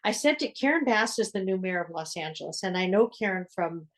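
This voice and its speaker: An older woman with a fairly low voice speaks with earnest conviction and lingers in reflective pauses. She is a religious sister telling her story to an interviewer. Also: animated. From United States.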